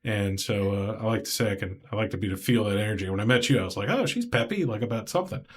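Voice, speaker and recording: A man with a Southern US accent hosts a podcast, racing along in a fairly low voice. Chatting casually in an interview, he rambles and gets animated, acting out the voices of people he quotes.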